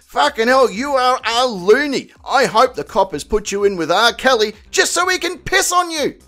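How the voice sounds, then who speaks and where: Male commentary host, high voice with a lively swing, crude and mocking. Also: moderate pace, faint music behind. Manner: crude, mocking, rambling jokes. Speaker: host of a police-video commentary channel. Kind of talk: comedic commentary.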